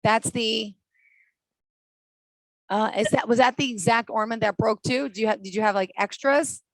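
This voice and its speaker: A woman's voice: on the high side, steady tone, moderate pace, no room sound, low-quality recording. A woman hosting an interview who gives encouraging reactions and asks follow-up questions. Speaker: interview host. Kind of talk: conversational interview.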